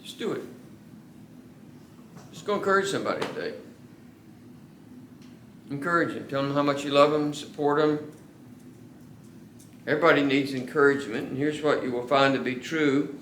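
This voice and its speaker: Earnest male pastor mid-sermon, drawn-out emphasis; reverberant church sound. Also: mid-range voice, fairly bright tone, slight background noise. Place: church sanctuary. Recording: echoey church room.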